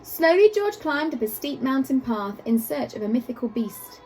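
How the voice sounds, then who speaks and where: A woman teacher reading a rhyming picture book aloud, expressive and rhythmic. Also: high voice, normal speed, rough recording.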